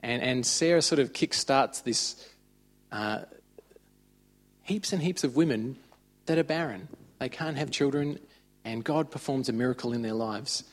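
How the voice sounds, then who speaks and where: A man's voice: medium pitch, a little slow. A man giving an informal, conversational sermon. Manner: conversational, chatty retelling of stories. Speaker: preacher.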